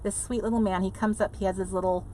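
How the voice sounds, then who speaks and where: Livestreaming from inside an RV, a woman rambles chattily, laughs often, and reads viewer comments aloud. She talks quickly in a warm, steady, medium-pitched voice, with a little background noise.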